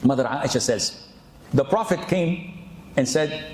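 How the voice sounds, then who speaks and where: A man preaching a humorous sermon-style reminder, acting out quoted voices with sudden high jumps in pitch. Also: lively intonation, normal speed, pauses often, darkish tone, roomy sound, slight background noise, rough recording. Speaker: Islamic preacher.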